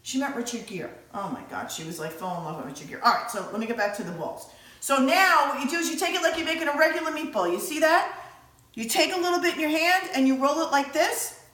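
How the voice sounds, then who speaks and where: A woman giving a casual, chatty cooking demonstration in her home kitchen, excitable and full of fillers. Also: high voice, fast, roomy sound, poor audio. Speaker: home cook.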